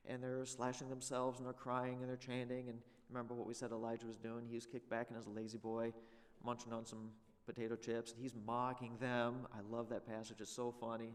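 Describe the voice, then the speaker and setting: A man's voice: mid-range voice, fairly even intonation, fairly quick, long reverb tail. A man teaching a Sunday school lesson in a church, conversational and full of rhetorical questions.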